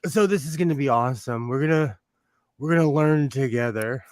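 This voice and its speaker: A man's voice: medium pitch, fairly quick, dry recording, studio quality. A man hosting a sewing livestream, chatting casually, laughing often and greeting viewers by name.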